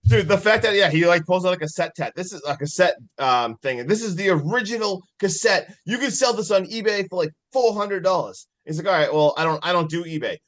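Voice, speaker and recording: A man's voice: high-pitched, animated, brisk, few pauses, fairly bright tone. A man co-hosting a casual movie review podcast, chiming in and laughing as he retells scenes. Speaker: podcast co-host.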